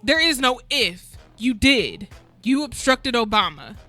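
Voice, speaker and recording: A woman's voice: on the high side, sing-song, measured pace, bright, forceful tone, faint music behind. A woman co-hosting a talk show, incredulous and sarcastic, firing off rhetorical questions. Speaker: guest co-host. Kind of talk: casual talk show chat.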